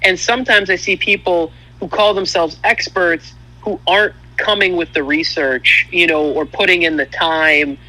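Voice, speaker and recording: A man chats as a guest on a podcast and lays out his views earnestly. His voice sits slightly high and is very bright and forward. He talks in a loose, conversational way. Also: fairly even intonation, normal speed, hardly any pauses, low-quality recording. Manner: earnest, explanatory. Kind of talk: casual chat.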